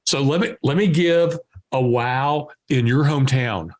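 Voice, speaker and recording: A man, a guest entrepreneur, telling lively stories in conversation and acting out the dialogue. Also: mid-range voice, unhurried. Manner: lively anecdotal storyteller, acts out dialogue. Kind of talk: conversational storytelling.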